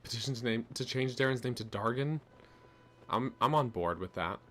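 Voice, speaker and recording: A man's voice: mid-range voice, expressive, normal speed, fairly bright tone, slight background noise. A man streaming a game, giving goofy, rambling commentary and stories with frequent restarts. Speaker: gaming streamer. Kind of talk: casual gameplay commentary.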